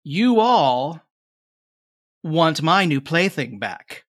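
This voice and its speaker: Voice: mid-range voice, sing-song, drawn-out words, pitched above the performer's own voice. A game master voicing a cruel young maiden spirit, playful and taunting.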